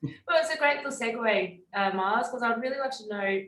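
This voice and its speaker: A woman's voice: fairly high pitch, animated, fairly quick, a bit bright, reverberant, recorded from a distance. A woman hosting a casual interview, upbeat and asking questions. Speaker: host.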